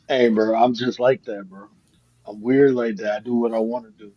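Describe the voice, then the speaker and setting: A man's voice: medium pitch, dull audio. A man on a live sports stream, telling laid-back, profane stories in casual chat.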